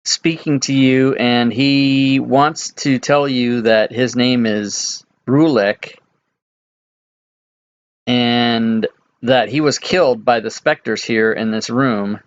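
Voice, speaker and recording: A man running a tabletop game as dungeon master, reading out scenes in a relaxed, halting way with many fillers. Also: mid-range voice, smooth. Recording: dull lo-fi mic.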